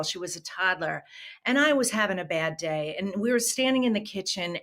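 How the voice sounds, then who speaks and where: A woman's voice: mid-range voice, fairly bright tone. Earnest woman telling her story. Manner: earnest and emphatic, with shifting pace. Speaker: podcast guest, reinvention coach. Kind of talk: personal storytelling interview.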